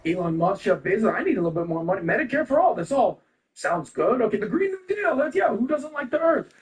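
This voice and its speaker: A man's voice: sits high, very animated, quick pace. A man co-hosting a casual podcast chat, opinionated and rambling, with jokey asides. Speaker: podcast co-host. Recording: roomy, distant mic with background noise.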